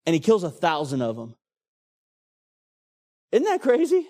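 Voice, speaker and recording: Man, high-pitched, sermon, animated storytelling, dramatic. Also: unhurried. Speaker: preacher.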